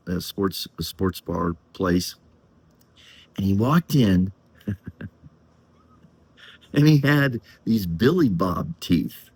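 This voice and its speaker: A man's voice: lowish voice, breathy edge, no echo. Older guy from colorado rambling thru an old story, chuckles a lot, voice jumps all over, close dry sound. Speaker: channel host. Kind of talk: casual storytelling to camera.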